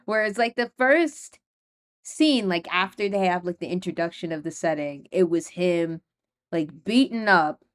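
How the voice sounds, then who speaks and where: A young woman with a fairly low voice hosts her own solo podcast at a moderate pace. She rambles casually, using lots of fillers and laughing nervously again and again.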